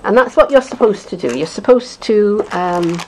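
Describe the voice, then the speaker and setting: A woman's voice: medium pitch, animated, moderate pace, a little hiss or hum, rough recording. A middle-aged woman with a Welsh accent, chatting casually as a craft demonstrator, rambling along with lots of fillers and little chuckles. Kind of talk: casual unboxing chat.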